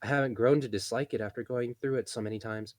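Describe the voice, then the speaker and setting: A man's voice: mid-range voice, quick pace, no echo, studio quality, voice pushed up, lightly acted. A man voicing a chatty, flirtatious elf woman who talks in a sing-song voice.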